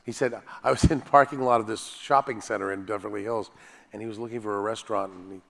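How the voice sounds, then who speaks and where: Gravelly man telling stories in a hall. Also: on the low side, fast. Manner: lively, self-deprecating, frequent restarts. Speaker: voice actor guest on a convention panel. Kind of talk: animated anecdotal storytelling.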